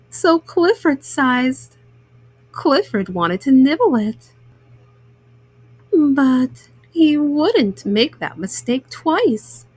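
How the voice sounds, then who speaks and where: Woman storybook reader, gentle and very slow, bright-ish pitch. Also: husky, no echo. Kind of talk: reading a picture book aloud.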